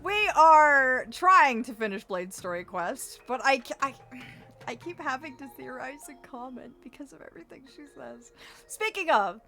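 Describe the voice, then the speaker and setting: Animated, bright-voiced woman streamer. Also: high-pitched, normal speed, gravelly, soft background music. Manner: chatty, theorizing, playfully dramatic. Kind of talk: casual game stream commentary.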